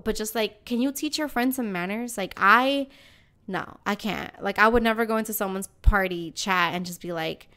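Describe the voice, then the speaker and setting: A woman, hosting a podcast and telling a story in casual chat, ranting and swearing freely. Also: a little high. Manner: animated ranting, swears a lot. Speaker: podcast host.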